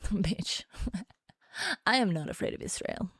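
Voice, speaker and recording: A woman's voice: medium pitch, lively intonation, slow, fairly bright tone, breathy edge, no room sound, studio quality. An Australian woman doing casual political commentary on a stream, blunt and sarcastic, often laughing.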